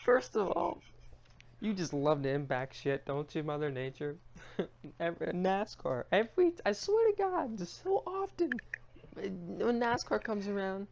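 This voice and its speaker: A man's voice: sits high, vocal fry. A man co-hosting a podcast, ranting theatrically with heavy swearing and mock crying. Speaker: podcast co-host. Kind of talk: casual comedic rant.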